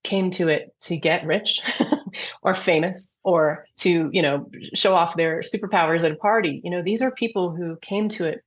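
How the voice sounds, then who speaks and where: A middle-aged woman, a reiki teacher and psychic medium, telling stories in an earnest, animated interview manner. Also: fairly low pitch, normal speed. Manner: animated, earnest storytelling with restarts. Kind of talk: conversational interview. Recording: muffled lo-fi audio.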